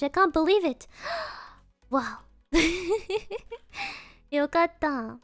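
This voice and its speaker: A woman streamer with a high, girlish voice chats playfully and unhurriedly with her audience. She giggles often as she answers viewers' messages. Her voice sounds close and dry, with faint music playing underneath. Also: sing-song, extremely slow, long pauses, a bit bright, dry recording. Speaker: virtual streamer. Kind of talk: casual live-stream chat.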